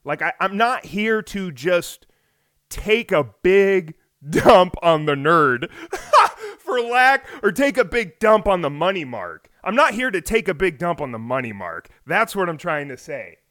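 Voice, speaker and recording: Animated man hosting a solo podcast. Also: sits high, normal speed, hardly any pauses, no room sound, studio quality. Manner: animated, rhetorical questions, swings between loud and hushed. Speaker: podcast host. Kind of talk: solo wrestling podcast monologue. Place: home on the US West Coast.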